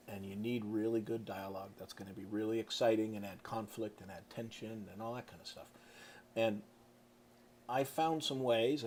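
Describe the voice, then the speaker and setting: A man's voice: on the low side, a little hiss or hum. Chatty man explaining writing tips. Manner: relaxed, chatty, with sound effects. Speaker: author teaching writing. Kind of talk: casual instructional talk to camera.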